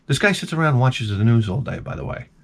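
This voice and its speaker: A man vlogging in a rambling comic monologue, animated and swearing freely as he slips into mocking voices. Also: mid-range voice, fast talker, creaky.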